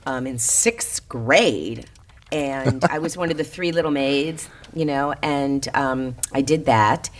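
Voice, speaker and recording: An older actress from Florida chats freely as a podcast guest, restarting often and slipping into mimicked voices. Her voice is extremely low and slow, with slight background noise.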